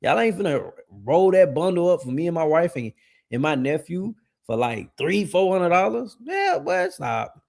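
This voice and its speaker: Brief: young male streamer, lively gravelly delivery, slangy and laughing. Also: fairly high pitch, normal speed. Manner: laughs often, animated, slangy. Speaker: streamer reacting to videos. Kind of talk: casual reaction commentary.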